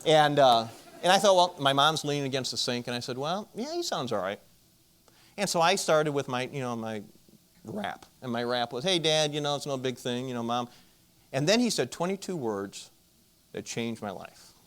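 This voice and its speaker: A middle-aged man telling a personal story to an audience, animated and acting out the voices of the people in it. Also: medium pitch, normal speed. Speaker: marriage conference speaker.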